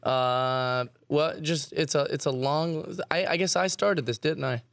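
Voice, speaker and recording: A man's voice: fairly high pitch, measured pace, creaky, a bit bright, clear, resonant tone. A man chatting in a studio as a comedian guest, with self-deprecating banter. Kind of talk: casual studio chat. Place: radio studio.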